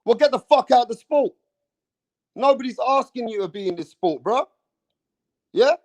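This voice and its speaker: A man's voice: very high voice, lively intonation, moderate pace, a little mellow. A man hosting a boxing channel, ranting hard at camera, swearing often and repeating himself. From England. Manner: fired-up, profane, repeats himself, keeps saying bro. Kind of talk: heated opinion rant to camera.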